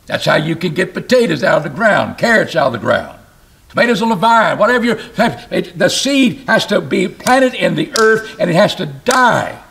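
A man preaching an expository sermon, reading scripture aloud and explaining it, with emphatic rises and sudden low drops. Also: normal speed, creaky. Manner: animated, rising to emphatic bursts and dropping low.

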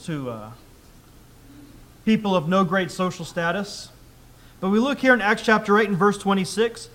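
A man preaching a sermon in a conversational way, asking rhetorical questions and reading scripture aloud more loudly. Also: sits high. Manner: reads scripture aloud louder.

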